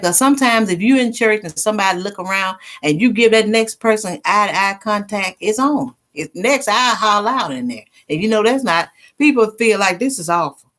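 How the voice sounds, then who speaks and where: A woman's voice: medium pitch, fairly bright tone. A middle-aged woman hosting a casual livestream, chatting with viewers and reading their comments. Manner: chatty, laughs easily, reads comments aloud. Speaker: livestream host. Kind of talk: casual live chat with viewers.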